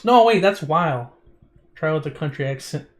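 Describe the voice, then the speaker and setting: A man's voice: on the high side, animated, moderate pace. A man streaming a visual novel, reading the text aloud in a casual way, stumbling over words and breaking off into chatty asides.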